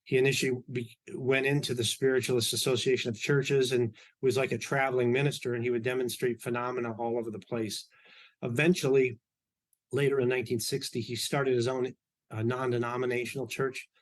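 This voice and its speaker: A man's voice: mid-range voice, brisk. Middle-aged male guest, loose anecdotal storyteller, lots of ums and restarts. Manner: relaxed anecdotal, many fillers and restarts. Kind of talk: storytelling in an interview.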